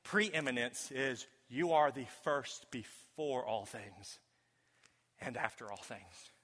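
Bright-voiced man preaching in a hall. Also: medium pitch, animated, takes it slowly. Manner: emphatic preaching, swings from loud to hushed. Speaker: pastor. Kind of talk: sermon. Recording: long hall reverb.

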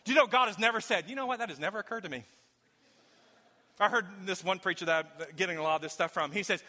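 A pastor preaching a sermon to his congregation, emphatic, swinging from loud declarations to hushed low lines. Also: quick pace. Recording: long hall reverb.

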